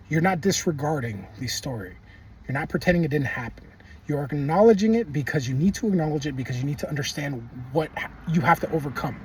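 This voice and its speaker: A man's voice: a little high, darkish tone, slightly rough, recorded from a distance. A man giving casual, emphatic motivational talk, repeating himself and swearing bluntly. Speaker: manifestation video creator.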